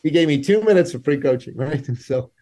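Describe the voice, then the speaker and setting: A man's voice: a little high, lively intonation, a little fast, dark tone. A man guesting on a podcast, telling his story vividly, acting out the dialogue and firing rhetorical questions at the listener. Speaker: guest entrepreneur. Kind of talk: animated storytelling.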